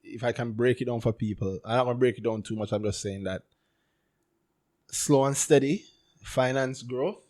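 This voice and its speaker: A man co-hosting a casual podcast about stock earnings, talking in an animated, joking way. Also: mid-range voice, moderate pace. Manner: animated, joking, playful storytelling. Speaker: podcast co-host.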